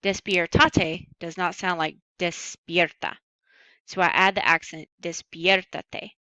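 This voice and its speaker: Bright-voiced woman teaching a lesson. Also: fairly low pitch, level tone, clear, resonant tone, dry recording, poor audio. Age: adult. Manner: patient, upbeat, slow and careful on Spanish words. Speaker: Spanish teacher. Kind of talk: recorded language lesson.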